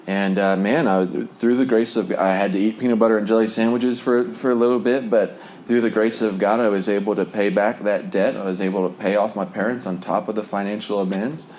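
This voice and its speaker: A man's voice: fairly low pitch, fairly even intonation, brisk, few pauses, a little mellow, slight background noise. A man sharing a personal recovery testimony in a conversational, rambling way, full of fillers and small laughs. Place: Lubbock, Texas.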